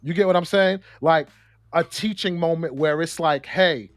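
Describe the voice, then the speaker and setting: A young adult man co-hosting a casual discussion, talking in an animated way with slang and repeated words. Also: on the high side, normal speed, no echo, faint music behind. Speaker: podcast co-host.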